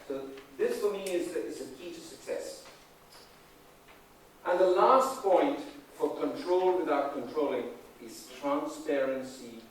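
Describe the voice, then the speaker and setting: A man giving an energetic, emphatic conference talk as a leadership trainer, often checking in with the audience. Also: medium pitch, a little hiss or hum. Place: large conference hall. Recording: distant, echoey hall recording.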